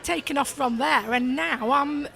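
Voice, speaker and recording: A woman's voice: high-pitched, measured pace, vocal fry, bright, forceful tone. A Yorkshire woman guesting on a pub-themed podcast, chatting in a bubbly, storytelling way. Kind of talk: casual chat.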